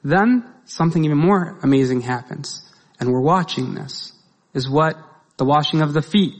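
A man's voice: on the high side, normal speed. Man preaching in a reverberant church. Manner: asks the congregation rhetorical questions, lively. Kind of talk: sermon. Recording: long reverb of a large hall.

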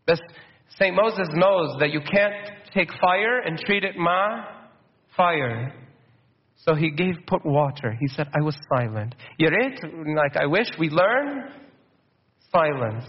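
A man giving a conversational sermon, slowing down to stress quotations and slipping in Arabic words. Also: fairly high pitch, expressive. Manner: conversational preaching, slows for quotes, mixes in Arabic words. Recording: dull muffled sound.

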